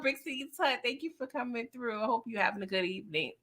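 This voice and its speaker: A woman casually recapping a TV episode on her vlog, animated and playful, often laughing. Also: a little high, brisk. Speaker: YouTuber recapping a TV show.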